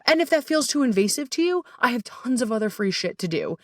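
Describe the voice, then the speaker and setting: Woman podcast host, solo chat, candid and sweary, mid-pitched voice, dry close sound. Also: sing-song, fast, few pauses, no echo. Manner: chatty and candid, swears freely, acts out inner voices. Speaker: podcast host and anxiety coach. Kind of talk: casual solo podcast monologue.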